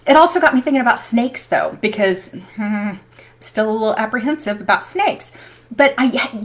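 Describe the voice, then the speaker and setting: Chatty woman, laughing as she tells stories. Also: mid-range voice. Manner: chatty, laughs often, animated storytelling. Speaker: vlogger. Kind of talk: personal storytelling vlog.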